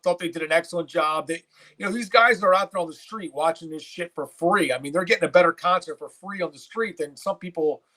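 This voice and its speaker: A man's voice: fairly high pitch, sharp tone. A man hosting a music reaction video, talking casually and hesitantly with many fillers and restarts. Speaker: reaction channel host. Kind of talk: casual chat.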